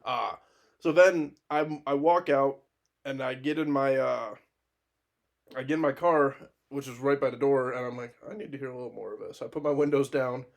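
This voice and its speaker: A man co-hosting a podcast, telling a wild anecdote in casual chat, animated and profane, laughing often. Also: mid-range voice, normal speed, creaky. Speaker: podcast co-host.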